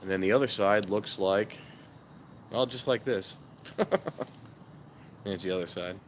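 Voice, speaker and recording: A man's voice: lowish voice, slow. A man casually telling rambling stories at a train station at night, chuckling often, filming himself on a handheld camera. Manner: chatty, chuckles often between remarks. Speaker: vlogger. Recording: noisy outdoor ambience. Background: outdoor ambience.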